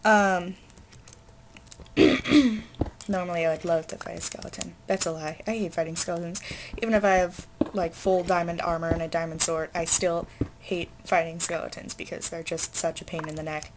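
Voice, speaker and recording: A woman's voice: lowish voice, fairly even intonation, moderate pace, a little hiss or hum. Chatty teen girl rambling while gaming. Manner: rambling, chatty, full of fillers and asides. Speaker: gamer. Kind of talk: casual let's play chat.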